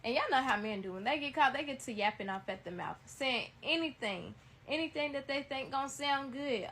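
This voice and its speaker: Sassy, gravelly-voiced storytelling woman. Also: high-pitched, a little fast, slight background noise. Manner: animated, sassy, talks to viewers as "y'all". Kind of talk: casual storytime narration.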